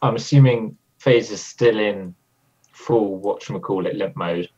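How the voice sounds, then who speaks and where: A man's voice: fairly low pitch, unhurried, darkish tone. A man playing in a tabletop game, carefully thinking aloud about tactics. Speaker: player. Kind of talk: tabletop role-play chat. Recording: dull lo-fi husky audio.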